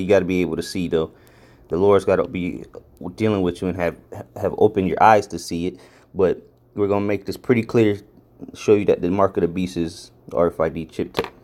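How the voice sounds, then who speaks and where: A man's voice: sits low, a little mellow. A man giving a casual, blunt scripture lesson, rambling and repeating words as he leans hard on the words he wants to stress. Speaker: preacher.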